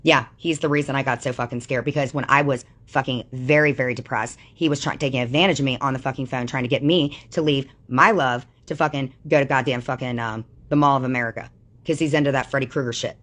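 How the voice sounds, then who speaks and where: A woman's voice: very deep voice, fairly even intonation, fast. A woman on a livestream delivering an angry, profanity-laden rant that calls people out. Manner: furious, swearing constantly, calling people out.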